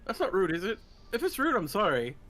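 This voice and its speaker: A man's voice: sits high, wildly swooping pitch, a little fast, a bit bright. A man playing a tabletop game, talking in character in a self-deprecating way and laughing often. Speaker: player. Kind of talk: in-character table-top play.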